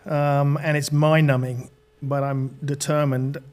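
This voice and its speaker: British male guest, middle-aged, slightly higher voice, earnest testimony with stumbles. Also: level tone, a little mellow. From Britain. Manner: earnest storytelling, halting restarts. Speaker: podcast guest. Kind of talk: personal testimony in an interview.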